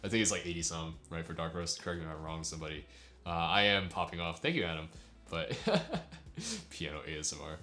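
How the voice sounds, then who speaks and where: A man's voice: sits low, animated, brisk, pushed and bright, roomy sound, faint music behind. A young man chatting casually with his livestream viewers, rambling and laughing often. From United States. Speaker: streamer.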